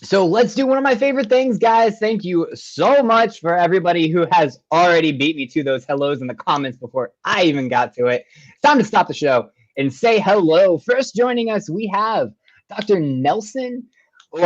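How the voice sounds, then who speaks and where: An upbeat man hosts a live online show and greets his viewers warmly. His voice sits fairly high, and he sounds effusive and eager. The audio is dry and a little muffled, like a video call. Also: no room sound. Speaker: show host.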